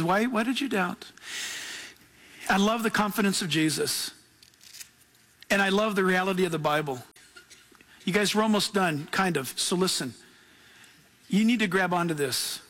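A man preaching a sermon as pastor, telling stories with laughing, animated asides. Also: high voice.

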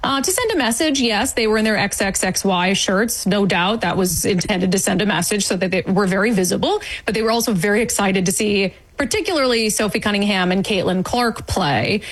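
A woman guest recounting an event in an interview, indignant and animated, acting out quoted remarks. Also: medium pitch, a little fast, hardly any pauses, husky, poor audio. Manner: indignant, storytelling with quoted asides. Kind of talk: animated eyewitness account.

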